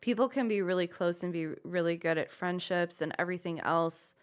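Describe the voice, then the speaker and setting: A woman's voice: lowish voice, fairly quick, clean tone. A woman co-hosting a podcast in casual chat, rambling reassuringly and filling her sentences with "like". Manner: rambling, reassuring, many fillers like "like". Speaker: podcast co-host.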